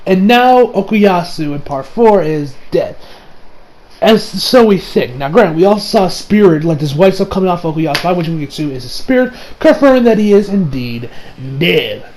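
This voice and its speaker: A man reviewing an anime episode in a casual, excitable recap, rambling with restarts and swearing. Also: high-pitched, normal speed, slight background noise.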